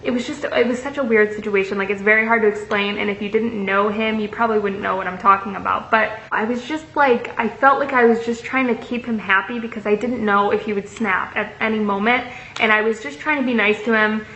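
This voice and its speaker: A woman's voice: medium pitch, steady tone, brisk, bright, forceful tone, a little hiss or hum. A young woman vlogger telling a story in a casual, chatty way, swearing freely and filling her talk with likes and ums. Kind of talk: casual storytime, reading messages aloud. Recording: echoey room, slightly muffled.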